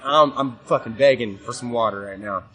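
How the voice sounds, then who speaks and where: A man's voice: mid-range voice, a little fast, pushed and bright. A man telling a wild story in casual, profane talk, laughing often, recorded on a busy convention floor. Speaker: guest wrestler. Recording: noisy convention crowd. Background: crowd chatter.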